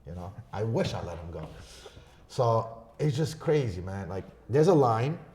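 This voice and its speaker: A man on a podcast telling a story in a casual, profane way, swinging between loud bursts and hushed asides. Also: on the low side, sing-song, normal speed. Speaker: podcast guest.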